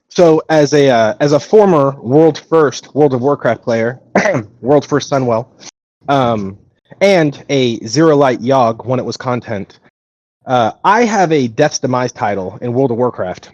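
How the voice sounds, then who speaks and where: A man's voice: medium pitch, lively intonation, measured pace, a little mellow, no echo. Rambling gamer man on a lo-fi mic. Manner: rambling gamer talk with restarts. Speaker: lead tech engineer. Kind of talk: casual AMA livestream chat.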